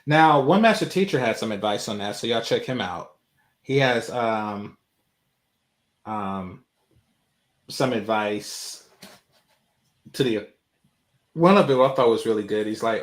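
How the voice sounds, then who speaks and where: A male co-host chats casually in a reaction-style conversation, his medium-pitched, expressive voice moving at a measured pace with frequent pauses. He rambles loosely through his thoughts, using plenty of fillers, and the room carries a noticeable echo.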